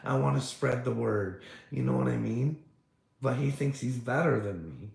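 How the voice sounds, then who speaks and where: A man's voice: mid-range voice, moderate pace, creaky, darkish tone, reverberant. A man talking casually in a rambling, profane rant, with frequent laughter and many fillers. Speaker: podcast host.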